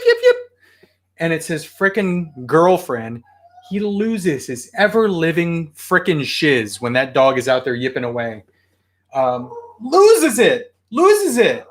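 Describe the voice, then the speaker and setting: A chatty man talks through a toy haul at home in a casual, excitable way. His voice sits a little high and bounces around a lot. It sounds like an informal home video. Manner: chatty, excitable, yells at his barking dog. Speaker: toy collector vlogger.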